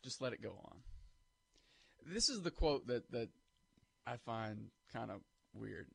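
Gravelly young male radio co-host. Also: mid-range voice, sing-song, measured pace, a bit bright, dry recording. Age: young adult. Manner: casual, rambling explanations. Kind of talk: casual sports radio chat.

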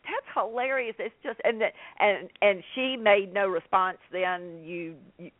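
A woman's voice: mid-range voice, fairly even intonation, a little slow, no room sound. Woman host reacting over the phone. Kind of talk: interview reactions. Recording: tinny phone line, dry.

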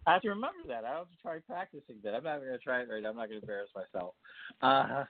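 A man's voice: mid-range voice, lively intonation, very fast. A man hosting a podcast interview, asking long rambling questions with many halts and restarts. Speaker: podcast host. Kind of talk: casual interview. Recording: tinny phone-like line.

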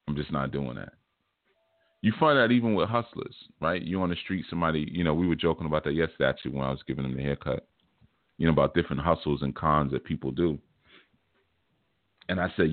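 A man's voice: low voice, fast talker, long pauses, no room sound. A man hosting a spiritual teaching show, talking in a casual, laid-back, streetwise way and often repeating his phrases. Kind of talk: casual livestream talk. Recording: tinny phone-like dry sound.

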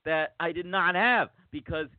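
A man's voice: on the high side, unhurried, dry recording. A man hosting a podcast, telling a long story in a casual, rambling way, with many restarts. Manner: rambling, lots of restarts, acts out quotes. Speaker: podcast host. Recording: tinny phone-like dry sound.

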